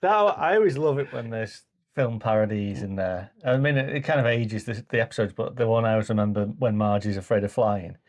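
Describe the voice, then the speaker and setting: A man co-hosting a podcast in casual chat, animated, with many fillers, acting out quotes. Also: on the low side, fairly quick, hardly any pauses. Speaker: podcast co-host.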